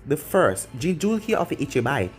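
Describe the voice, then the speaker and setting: A man's voice: a little high, sing-song, brisk. A man doing a smug cocky young ninja. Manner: smug, taunting. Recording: faint music behind.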